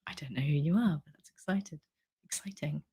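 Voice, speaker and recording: A woman's voice: deep voice, a little fast, dark tone, slightly rough. A woman in her thirties hosting a casual livestream, hesitant, with many ums and restarts as she reads out the chat. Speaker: livestream host.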